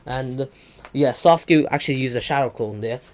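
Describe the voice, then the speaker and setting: A man's voice: mid-range voice, normal speed. A man hosting his own channel, casually narrating a fan-made story in a loose, rambling way. He fills the gaps with ums and uhs and keeps restarting his sentences, in an ordinary mid-range voice. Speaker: channel host.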